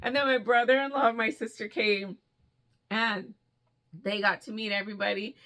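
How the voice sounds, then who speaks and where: A woman chatting casually to her viewers in a yarn vlog, excited and gushing, laughing often. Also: on the high side, moderate pace. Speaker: yarn vlogger. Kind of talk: casual chat to camera.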